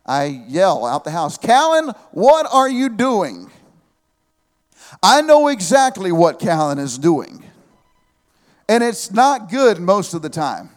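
A man in his thirties preaching a sermon with an animated delivery, humorous asides and calls of amen. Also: fairly high pitch, measured pace, long reverb tail.

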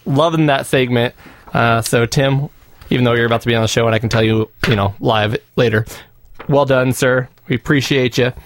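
A man's voice: medium pitch, steady tone, a little fast, no room sound. A man co-hosting a casual podcast, jokey and upbeat, reading listener feedback. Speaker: podcast co-host. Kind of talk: casual chat.

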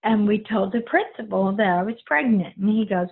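A woman's voice: medium pitch, moderate pace. A middle-aged woman earnestly telling a personal story in a plain-spoken, spiritual way. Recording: husky voice on a phone-like line.

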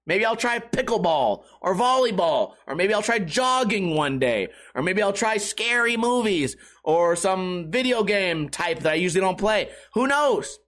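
A man's voice: sits high, animated, a little slow, few pauses, fairly bright tone. A middle-aged man hosting a podcast and ranting casually, profane and sarcastic. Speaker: podcast host.

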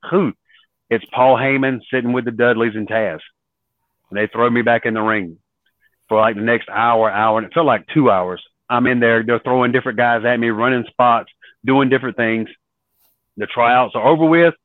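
A man recounting his career as a guest, slipping into the voices of the people he quotes. The sound is thin and tinny like a phone line, with no room around it. His voice sits at an ordinary pitch. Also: no echo. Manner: animated storyteller acting out quoted voices. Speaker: podcast guest, former wrestler. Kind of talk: storytelling in an interview.

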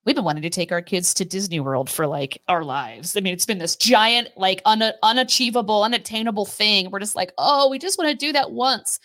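A woman co-hosting a faith show, talking casually with her husband, animated and quick to laugh. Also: mid-range voice, no room sound. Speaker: co-host of a faith teaching show.

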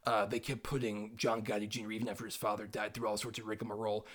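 A man's voice: fairly low pitch, level tone, fast talker, fairly bright tone. A man in casual podcast chat, reviewing a film in a rambling, profane way with lots of filler words. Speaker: podcast co-host.

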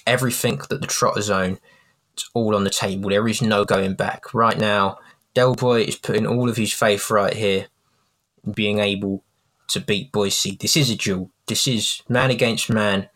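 Low-voiced man retelling sitcom scenes. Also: a bit bright. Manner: retells scenes, quoting the lines. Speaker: podcast co-host. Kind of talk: casual chat.

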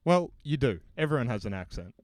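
A man's voice: mid-range voice, brisk, no room sound. An Australian man co-hosting a podcast in casual chat, ranting and often breaking off to restart a thought. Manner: animated ranting, self-interrupting. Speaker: podcast co-host.

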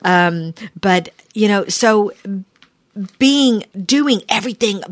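A woman's voice: mid-range voice, animated, slow pace, no room sound, clean studio sound. A woman co-hosting a casual faith chat, emphatic and plain-spoken. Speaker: co-host of a women's faith talk.

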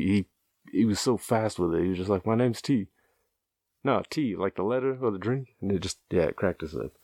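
A man's voice: low voice, gravelly, mellow, no echo, clean studio sound. A man casually telling a rambling, amused anecdote, loose and profane, often chuckling at his own tale. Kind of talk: casual storytelling.

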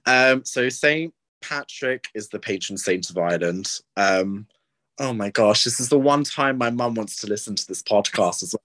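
Low-voiced young man chatting casually. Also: normal speed, fairly bright tone. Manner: rambling, filler-heavy. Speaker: podcast co-host. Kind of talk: casual chat.

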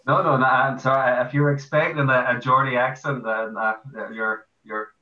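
A man's voice: medium pitch, fairly even intonation, normal speed, highs cut off. Irish man on a distant echoey call. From Ireland. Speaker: guest, amateur footy ruckman. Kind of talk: casual podcast interview.

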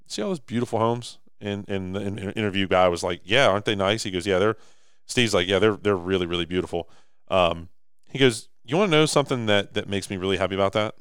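A man in his thirties co-hosting a podcast, telling stories with lively acted-out quotes. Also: low voice, fast talker, clear, resonant tone, no room sound, studio quality. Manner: animated storyteller, acts out quotes. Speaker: podcast co-host. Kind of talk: casual podcast chat.

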